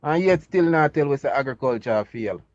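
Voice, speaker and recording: A man's voice: mid-range voice, expressive, moderate pace, dry recording, dull audio. A man with a Jamaican accent arguing politics in a heated call-in debate, combative and repetitive, slipping into Patois. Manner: combative, repeats himself, Jamaican Patois phrasing. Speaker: political caller.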